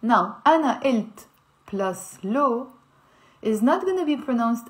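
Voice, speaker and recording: A woman's voice: a little high, lively intonation, slow. A woman teaching a language lesson, patiently spelling out sounds and checking in with "okay?". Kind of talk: language lesson explaining pronunciation.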